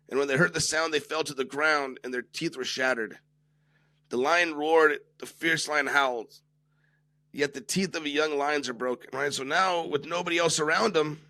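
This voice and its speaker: A man gives an animated Torah lesson in a bright, slightly high voice. He keeps checking in with his listeners by asking "right?" The sound is close and dry, with almost no room echo. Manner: animated, acts out quoted speakers. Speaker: Torah teacher.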